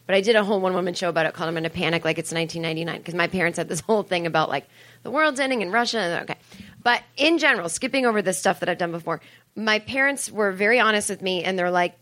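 On a club stage, a woman comedian rambles to a live crowd and acts out the people she quotes. Her voice is on the low side, a bit bright, and rapid-fire.

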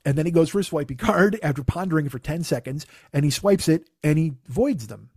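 A man's voice: fairly high pitch, animated, a little fast, hardly any pauses, a little mellow, breathy edge, no echo, clean studio sound. A man telling a profane, exasperated comic story as a podcast co-host, mocking himself as he goes. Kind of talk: comedic storytelling rant.

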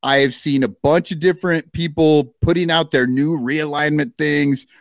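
A man's voice: a little high, moderate pace, creaky, no room sound, studio quality. A man co-hosting a podcast, ranting casually with lots of swearing and rambling asides. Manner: animated, profane, rambling rants. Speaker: podcast co-host. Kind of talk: casual chat.

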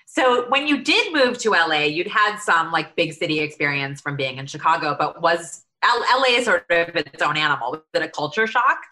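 A woman co-hosts a podcast interview. Her voice is fairly low for a woman but bright and crisp, and her questions come out teasing and conversational. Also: expressive, moderate pace, few pauses. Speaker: podcast co-host.

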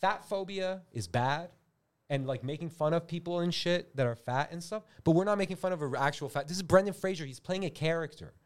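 A man's voice: on the high side, fairly quick. A man hosting a comedic podcast, talking in a jokey, rambling way and slipping into squealing voices for quotes. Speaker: podcast host. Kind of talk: comedic casual chat.

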